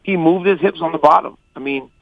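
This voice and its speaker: Man talking lively on a dull phone line. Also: fairly high pitch, a little fast. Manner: animated storyteller, quotes others in lively voices. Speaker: guest fighter calling in. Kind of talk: casual phone interview. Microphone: phone call.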